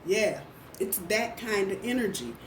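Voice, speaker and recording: Picked up on a distant mic in a roomy space with faint background noise, a woman tarot reader delivers a casual reading, blunt and full of swearing. Her mid-range voice is animated and moderately paced, and she repeats phrases to drive points home.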